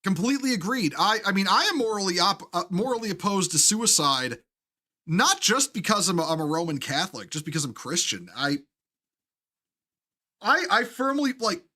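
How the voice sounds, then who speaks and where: A man's voice: high voice, sing-song, pushed and bright. A man hosting a live stream, ranting with heavy profanity and frequent restarts. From United States. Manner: profane, heated, halting restarts.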